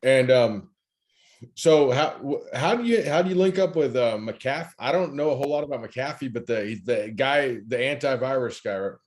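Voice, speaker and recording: A man hosting an interview, asking curious questions with halting restarts. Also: medium pitch, darkish tone. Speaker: interviewer host.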